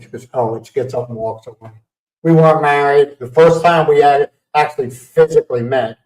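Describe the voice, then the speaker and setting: A man hosting a casual livestream who tells stories in a lively way and acts out what people said. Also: medium pitch, a little fast. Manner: animated storyteller acting out quotes. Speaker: livestream host. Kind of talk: casual storytelling chat. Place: home livestream setup. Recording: roomy sound from a distant mic.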